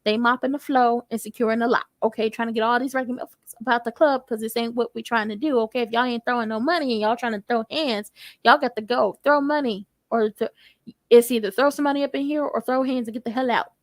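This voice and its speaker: A woman giving a casual TV episode recap, sassy and animated with playful asides. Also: a little high, quick pace, no echo. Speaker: TV recap YouTuber.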